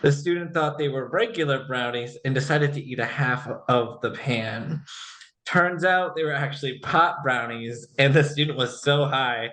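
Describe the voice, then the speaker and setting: A man's voice: mid-range voice, normal speed, a bit bright. Man reading a listener story plainly. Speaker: podcast co-host. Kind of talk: reading a submitted story on a podcast.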